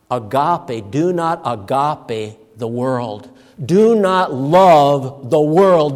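A man preaching a sermon as a pastor, emphatic and slowing down to stress key words. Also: sits high, long reverb tail.

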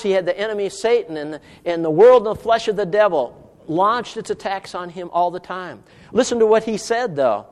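Middle-aged male pastor, earnest sermon delivery, slightly high voice, long reverb of a hall. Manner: earnest, rises in pitch and slows for emphasis when reading scripture.

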